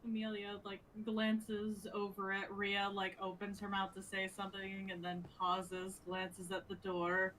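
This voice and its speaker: A woman's voice: mid-range voice, monotone, a little slow, few pauses, fairly bright tone, slight background noise, poor audio. A woman playing a tabletop game, describing her character's actions in a playful, giggly way. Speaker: player. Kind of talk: casual play narration.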